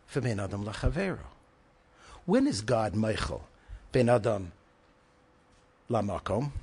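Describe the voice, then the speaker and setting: A man's voice: mid-range voice, husky. A man, a rabbi, giving an emphatic Torah lecture, asking rhetorical questions and weaving in Hebrew and Yiddish terms.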